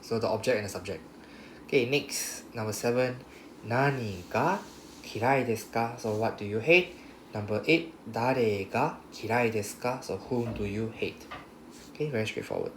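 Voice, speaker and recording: A man's voice: lowish voice, lively intonation, moderate pace. A man teaching a Japanese grammar class, explaining patiently and often checking with "right?". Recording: roomy classroom echo, faint hum.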